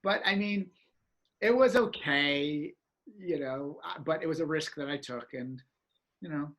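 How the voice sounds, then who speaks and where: A man telling a story in casual chat, animated and acting out reactions with exclamations. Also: fairly high pitch, measured pace.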